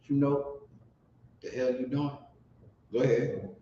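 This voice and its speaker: A man preaching on the street, profane and fiery, teaching from scripture and swinging from mutters to shouts. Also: medium pitch, slow pace. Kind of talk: street sermon with scripture reading. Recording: roomy dull lo-fi recording with faint noise.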